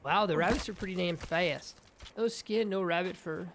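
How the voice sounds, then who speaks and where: A young man giving excitable let's-play commentary, chatting to viewers and calling out to his in-game companion. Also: high voice, normal speed, slight background noise. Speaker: gaming YouTuber.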